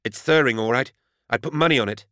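A man voicing a sharp, assured female agent in an audiobook, speaking in a clipped, snappish way. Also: mid-range voice, fast talker, no room sound, clean studio sound, voice pushed up, close to an everyday voice. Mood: curt.

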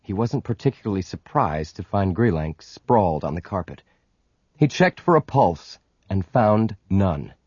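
A man narrating an audiobook with measured, dramatic storytelling. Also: sits low, expressive, a little mellow, husky, dry recording, muffled recording. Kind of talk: scripted narration.

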